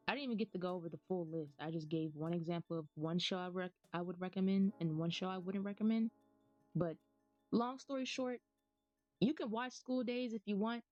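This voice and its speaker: A woman's voice: mid-range voice, a little mellow. A young American woman giving chatty, rambling commentary over a video game and laughing often. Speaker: gaming YouTuber. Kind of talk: casual gameplay commentary. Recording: slightly dull recording, faint music.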